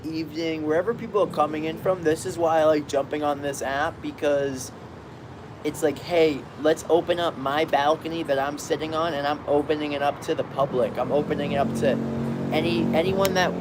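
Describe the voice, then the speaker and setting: A man's voice: a little high, background noise. Upbeat man chatting from a hammock. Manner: rambling, upbeat, greets viewers by name. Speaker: live-stream host. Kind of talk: casual live-stream chat. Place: outdoors on a balcony, lying in a hammock.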